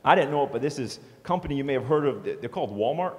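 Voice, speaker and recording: Fast-talking man telling stories in a hall. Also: medium pitch. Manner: animated, joking storyteller. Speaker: motivational speaker. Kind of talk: storytelling speech to an audience. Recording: long hall reverb.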